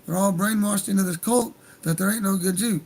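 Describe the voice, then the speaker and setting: A man's voice: sits high, brisk, darkish tone, slight background noise, low-quality recording. A man hosting a livestream, talking in a heated, profane, rambling rant. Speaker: livestream host.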